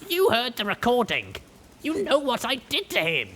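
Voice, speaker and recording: A man's voice: very high-pitched, huge pitch swings, normal speed, sharp tone, slight background noise, voice pushed up, exaggerated voice. A man voicing a determined young mare who leads and protects her friends, speaking earnestly. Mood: urgent.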